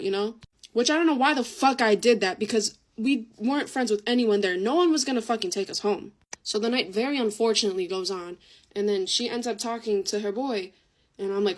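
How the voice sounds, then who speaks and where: A woman's voice: mid-range voice, fairly quick. A young woman telling a casual storytime while doing her makeup, chatty and full of swearing and fillers.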